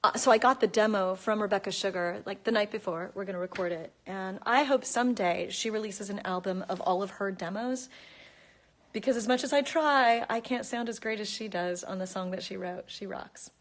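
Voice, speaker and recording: A woman's voice: medium pitch, brisk. A woman chatting casually into her phone, reading out and answering fan questions in a bubbly way. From United States. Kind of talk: casual chat.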